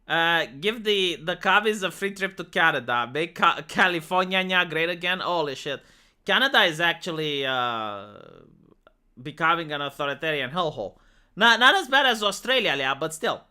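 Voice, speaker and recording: A woman's voice: on the low side, lively intonation, normal speed, bright, forceful tone. A woman from Romania, ranting on a casual livestream, swearing often and restarting her sentences. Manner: profane, exasperated, many restarts and fillers.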